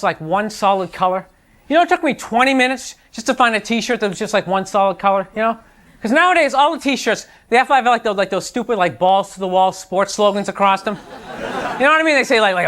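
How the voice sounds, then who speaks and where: A man's voice: high voice, lively intonation, brisk, noisy background. A man doing a stand-up routine before a live audience, ranting in a frustrated, exasperated way. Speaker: stand-up comedian. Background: audience laughter.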